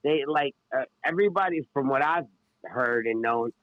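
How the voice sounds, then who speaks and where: A man's voice: medium pitch, lively intonation, moderate pace, dry recording. Laid-back man from Haiti, lo-fi. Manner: laid-back, slangy, casual. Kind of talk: casual chat. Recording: dull dry lo-fi sound.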